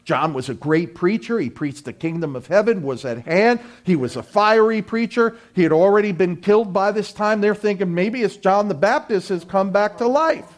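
A man pastor preaching a sermon with emphatic, drawn-out declarations while the congregation answers back. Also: high-pitched, expressive. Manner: emphatic preaching with call-and-response.

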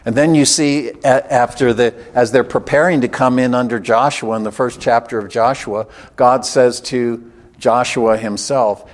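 A man preaching a sermon in a measured, emphatic way, slowing down to stress key phrases. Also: mid-range voice, fairly even intonation.

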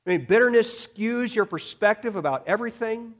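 A man preaching a sermon in earnest, often repeating his opening words before a phrase and swinging between loud emphatic stretches and quiet low ones. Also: lively intonation, fairly quick. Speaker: pastor.

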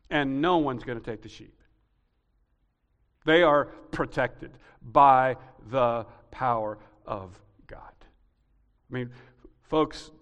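Emphatic male preacher, slightly high voice. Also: fairly bright tone. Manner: emphatic, building to repeated rising peaks. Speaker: pastor. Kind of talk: sermon. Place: church sanctuary. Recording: reverberant hall.

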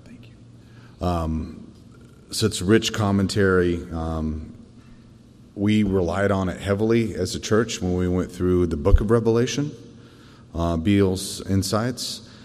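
A man teaching a church Bible lesson in a thoughtful way, often pausing on fillers and restarting. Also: low-pitched, darkish tone, big-room sound, slight background noise. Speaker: Sunday school teacher.

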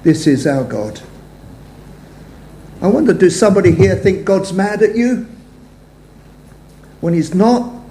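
Older male preacher, unhurried and mellow, slightly high voice, roomy church hall sound. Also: sing-song, a little hiss or hum. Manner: measured, phrases trailing off softly. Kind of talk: sermon.

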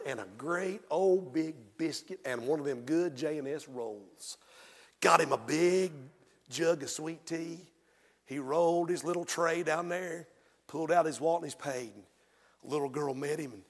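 A man preaching a sermon, telling stories and swinging from loud, fervent exclamation to quiet, dropped-voice narration. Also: on the high side, a little slow, big-room sound. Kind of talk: sermon storytelling.

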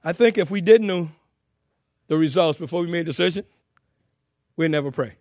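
A man preaching a sermon to a congregation, lively and emphatic, with frequent laughs and repeated phrases. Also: a little high, fairly quick, no room sound, studio quality.

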